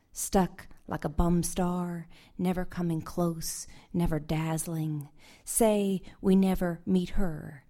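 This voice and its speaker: A woman poet giving a live reading of her poems, soft and measured, with hesitant asides between them. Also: fairly low pitch, vocal fry. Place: live reading event before an audience.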